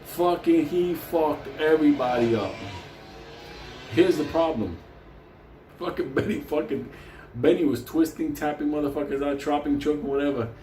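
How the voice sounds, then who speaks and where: A man's voice: a little high, moderate pace, mellow, faint music behind. A middle-aged man telling a crude, rambling story, swearing constantly and often laughing. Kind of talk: casual profane storytelling. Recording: roomy echo with faint hum.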